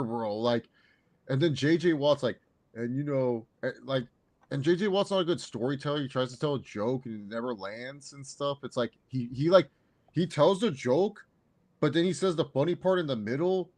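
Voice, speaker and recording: A young man co-hosting a casual sports podcast, talking fast and loose, swearing and imitating commentators. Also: mid-range voice. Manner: animated, swears, mimics commentators. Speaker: podcast co-host.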